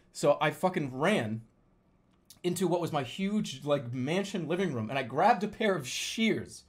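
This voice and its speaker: A young man casually telling a story, swearing freely and loudly acting out the lines he quotes. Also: mid-range voice, animated, moderate pace. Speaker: storyteller recounting a dream.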